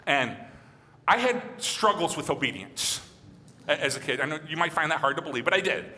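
A fairly high, bright-voiced man from Michigan preaches a sermon as a pastor, animated and acting out the voices he quotes. His voice carries a long, ringing reverb from a large hall. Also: fairly quick.

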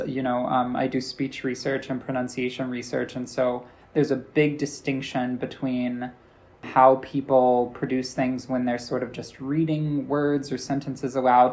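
A man's voice: mid-range voice, level tone, normal speed, a little mellow. Chatty American man telling stories. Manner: chatty storyteller, acts out quoted dialogue, many "like" fillers. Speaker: interview guest, linguistics professor. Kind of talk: casual interview answers.

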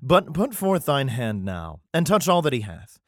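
A man's voice: medium pitch, sing-song, moderate pace, dry recording, clean studio sound, close to an everyday voice. A man putting on a Scottish-accented skeptical Satan. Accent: Scottish, put on. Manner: mocking, archaic scripture phrasing.

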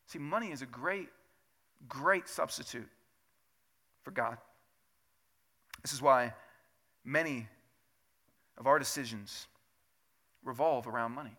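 Bright-voiced man preaching a sermon. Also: medium pitch, slow pace, long pauses. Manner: conversational preaching with rhetorical questions, rising to loud emphatic peaks. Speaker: pastor. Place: church sanctuary.

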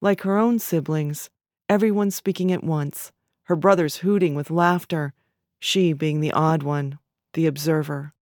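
A woman narrating literary fiction in a measured, even storytelling manner. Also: low voice, no echo, studio quality.

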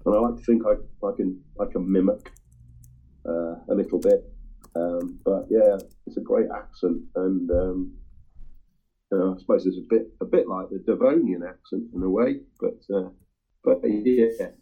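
A man with a husky, slightly breathy voice, pitched a little low, talks through a song in casual chat. He hesitates constantly, circling back with ums and repeated words. The sound is thin and tinny, like a phone line. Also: fairly even intonation. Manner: halting, full of ums and restarts. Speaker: music-sharing group member.

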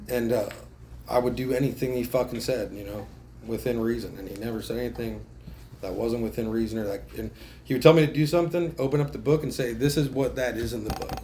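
A man's voice: medium pitch, steady tone, fast, warm tone, slight background noise. A man telling his recovery story to a meeting, casual, swearing a lot and laughing at himself between lines. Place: meeting room.

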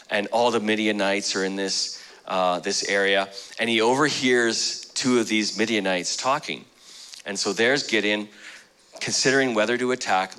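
A man's voice: on the low side, bright, forceful tone, rough recording. A male pastor preaching a sermon in a joking, conversational storytelling way.

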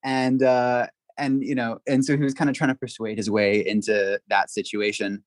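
A man guesting on a podcast, telling a story in a lively, casual way, full of "like" and acted-out quotes. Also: medium pitch, normal speed, dry recording, rough recording. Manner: animated, acts out quotes, frequent "like" fillers.

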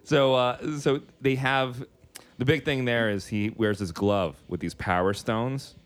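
A man's voice: medium pitch, steady tone, a little slow. Crude joking man on a comedy podcast. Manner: crude, jokey, explains things at length. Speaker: co-host, comedian. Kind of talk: casual comedy podcast banter.

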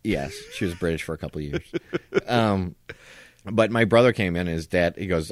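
A man's voice: deep voice, animated, moderate pace, no room sound, clean studio sound. A man in his forties, a podcast co-host telling stories in casual chat and quoting his father. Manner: storytelling, quoting his dad in a gruff voice.

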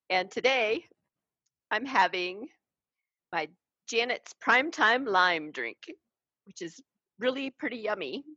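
A woman co-hosting a casual podcast chat, playful and quick to laugh. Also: medium pitch, sharp tone, no echo, highs cut off. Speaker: podcast co-host.

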